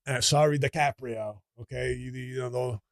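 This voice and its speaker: A man's voice: medium pitch, fairly even intonation, moderate pace, dry recording, lightly acted. A man playing a crude, boastful Italian-American guy from New Jersey, ranting in character with brash, profane bragging. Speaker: comedy character guest. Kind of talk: in-character comedic rant.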